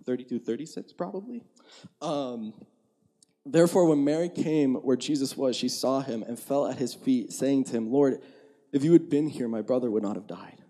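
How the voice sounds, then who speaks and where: Young man preaching in a mellow voice. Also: medium pitch, normal speed. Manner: conversational, candid, acts out his own inner dialogue. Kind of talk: sermon.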